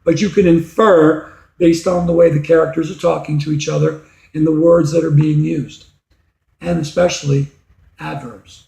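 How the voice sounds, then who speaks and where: A man's voice: a little high, fairly even intonation, moderate pace, gravelly, darkish tone. A man teaching a reading lesson, explaining step by step and asking rhetorical questions. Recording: echoey room.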